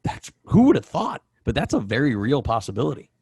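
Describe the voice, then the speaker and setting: A man's voice: mid-range voice, wildly swooping pitch, brisk, darkish tone, breathy edge, no room sound, clean studio sound. Rambling male podcast co-host. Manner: rambling, hesitant analysis. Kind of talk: casual sports podcast chat.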